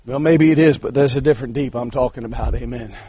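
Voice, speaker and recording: A man preaching an impassioned sermon, dropping to hushed asides and then building to shouted climaxes. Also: medium pitch, fast, husky. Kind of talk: revival sermon.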